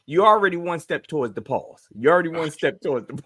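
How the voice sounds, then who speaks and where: A man co-hosting a podcast, lively and eager to break in with his point. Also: on the high side, quick pace, slightly rough, no room sound. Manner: lively, keeps cutting in to make a point. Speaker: podcast co-host. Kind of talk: casual group chat.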